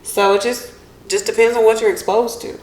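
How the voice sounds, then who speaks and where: A woman telling stories in a casual podcast chat, lively and laughing as she talks. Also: a little high, moderate pace. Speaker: podcast co-host. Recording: echoey room, faint hiss.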